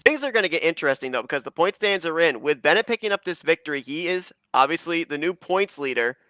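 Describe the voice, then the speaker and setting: A man's voice: fairly high pitch, expressive, fast talker, sharp tone, no echo. A man commentating a sim racing broadcast in an upbeat, polished play-by-play manner. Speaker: race commentator.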